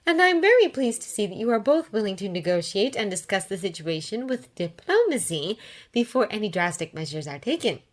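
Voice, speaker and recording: A calm, earnest young woman senator speaks in a raised, gentle voice, voiced by a woman reader. She has a composed and even temper. It has the feel of a fan audiobook reading. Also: medium pitch, brisk, voice pushed up.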